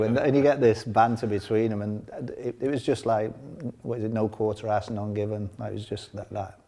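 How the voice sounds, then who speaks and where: An older man tells long, rambling football stories in a relaxed interview. His voice sits low, and he often breaks into laughter between his tales. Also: a little fast, few pauses. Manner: rambling anecdotes with frequent laughter. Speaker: interview guest, former footballer. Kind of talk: casual storytelling interview.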